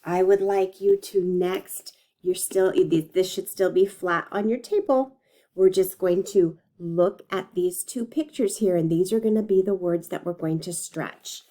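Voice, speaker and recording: A woman teacher runs a phonics lesson for young children, modeling words slowly, stretching them out, and encouraging the kids. Her voice sits on the low side and sounds mellow.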